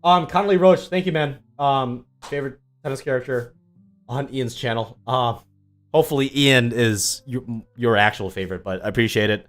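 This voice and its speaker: With soft music behind him, a young man speaks at a moderate pace in a medium-pitched voice. He is a tennis YouTuber on a livestream, casually and sarcastically rambling through viewers' questions with lots of ums.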